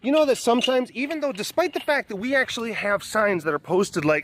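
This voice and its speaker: A man's voice: extremely high pitch, expressive, a little fast, few pauses, a bit bright, a little hiss or hum. A young man chatting upbeat and rambling as he walks around an outdoor big cat compound. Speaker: animal sanctuary vlogger. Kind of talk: casual walking vlog.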